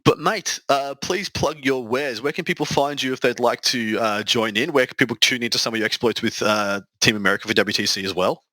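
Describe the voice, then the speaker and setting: Chatty Australian man hosting a podcast, crisp dry sound. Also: mid-range voice, brisk, hardly any pauses, bright, forceful tone, no echo, poor audio. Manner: chatty, laughing, many restarts. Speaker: podcast host. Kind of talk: casual podcast chat.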